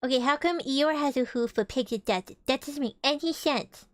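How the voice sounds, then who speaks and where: Young streamer girl reading a kids book out loud, high voice, super dry close mic. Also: moderate pace, dry recording. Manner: playful, chatty asides. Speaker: vtuber streamer reading aloud. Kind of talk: casual storybook read-aloud with chat.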